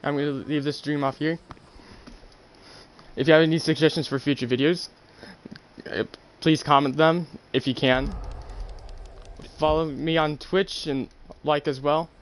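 Fast-repeating male game streamer. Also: a little high, steady tone, a little hiss or hum. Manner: repeats himself quickly. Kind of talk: casual gameplay chat. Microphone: gaming headset.

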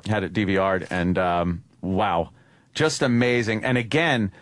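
A man's voice: lowish voice, unhurried, no echo, clean studio sound. A man hosting a radio talk show, joking brashly and swearing freely. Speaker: radio host.

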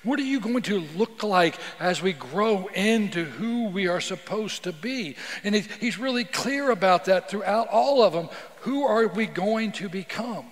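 Rambling male pastor in a reverberant sanctuary. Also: sits high. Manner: conversational, many restarts and repeated words. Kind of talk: sermon. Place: church sanctuary. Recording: long reverb of a church sanctuary.

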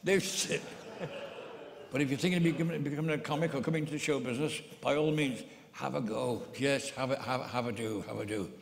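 Older man, comedian, rambling stage stories, stammering restarts, gravelly, long hall reverb. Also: mid-range voice, brisk, a little hiss or hum. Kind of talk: comic storytelling on stage. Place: theatre stage.

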